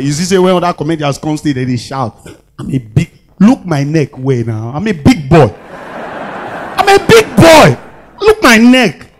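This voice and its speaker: A Nigerian Pidgin-accented man doing stand-up with boastful swagger. His voice sits a little high, and he swings between low grumbles and loud bragging. A faint hum sits under the stage mic. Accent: Nigerian Pidgin English. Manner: boastful swagger, warning the crowd. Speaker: stand-up comedian. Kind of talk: stand-up comedy set.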